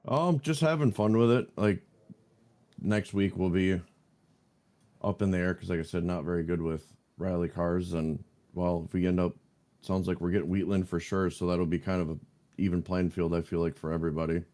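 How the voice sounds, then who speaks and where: Easygoing sim racer, man, low dark voice. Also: fairly even intonation, moderate pace. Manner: easygoing, rambling. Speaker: sim racing driver. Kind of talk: post-race interview.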